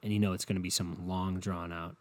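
A young man rambles through a solo podcast, profane and sarcastic, tossing off jokes. His voice sits low and mellow. The sound is dry and close, with no room behind him. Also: little pitch movement, fairly quick, dry recording. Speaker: podcast host. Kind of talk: casual solo podcast rant.

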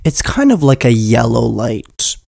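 Stuffy from a cold, a man hosts a casual solo podcast, rambling, tripping over his words and joking at his own expense. His mid-range voice is sing-song and darkish with vocal fry, at a measured pace. The studio-quality audio has no echo.

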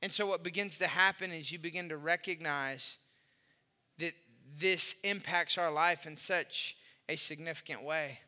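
A male pastor preaching a sermon, telling stories with lively swings between loud bursts and hushed, earnest stretches. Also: a little high, normal speed. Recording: hall reverb.

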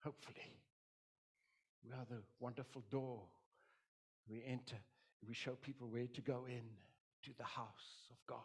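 Man, middle-aged pastor, husky voice, fervent repetitive sermon delivery. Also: medium pitch. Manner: impassioned, repetitive preaching with dramatic quoted voices.

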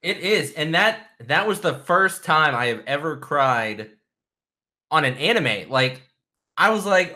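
Male co-host, slow and rambling, bright tone, excited storyteller. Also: on the high side. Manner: rambling, filler-heavy, enthusiastic storytelling. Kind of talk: casual chat about anime.

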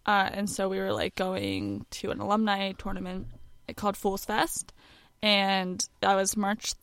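Chatty young woman with a smooth voice. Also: medium pitch, unhurried, fairly bright tone, dry recording. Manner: chatty, frequent "like" fillers, candid. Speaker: podcast co-host. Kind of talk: casual personal storytelling.

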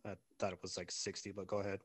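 A man's voice: deep voice, monotone, fast, breathy edge. A man co-hosting a podcast in casual chat, playful and teasing. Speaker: podcast co-host.

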